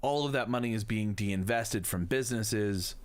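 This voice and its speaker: A history professor teaches on a live stream in a casual, jokey manner, swearing now and then. His voice sits on the low side, and he speaks at a normal speed.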